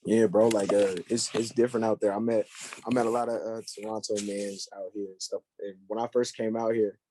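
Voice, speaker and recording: A man's voice: lowish voice, a little fast, slight background noise. A young man chatting casually on a podcast, slangy and full of fillers as he tells stories. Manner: slangy, filler-heavy, animated storytelling.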